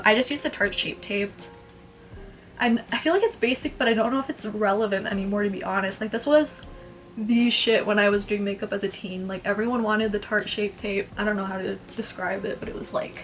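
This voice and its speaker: Soft music plays in the background as a beauty vlogger in her twenties does her makeup at home and chats casually. Her mid-range voice is fairly quick, and this get-ready-with-me talk is rambling, blunt and full of swearing.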